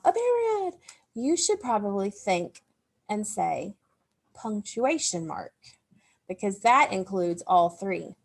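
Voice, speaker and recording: A woman teacher takes a class of young pupils through a grammar lesson at an unhurried pace. She explains each step patiently and asks the children to say the words along with her. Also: medium pitch. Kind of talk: recorded remote phonics lesson.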